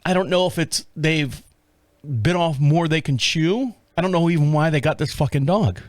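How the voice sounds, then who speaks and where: A man in his fifties, hosting his own podcast, swears his way through a rambling account of country life at a normal speed. He animatedly imitates his own yelling, loud and high, with no room sound.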